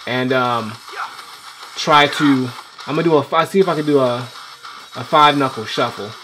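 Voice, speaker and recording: A man's voice: medium pitch, normal speed, noisy background. A man giving loose, rambling gameplay commentary as a game reviewer, swearing freely while he plays.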